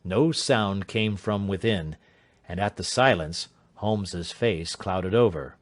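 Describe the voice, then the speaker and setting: A man giving a measured, dramatic audiobook narration. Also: sits low. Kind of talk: scripted narration.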